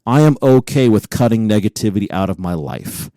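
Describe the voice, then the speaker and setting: A man's voice: lowish voice, animated, fairly quick, dark tone, dry recording, low-quality recording. A man co-hosting a podcast in casual chat, swearing often and getting heated as he rants. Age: adult with a son. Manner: profane, heated rant. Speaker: podcast co-host.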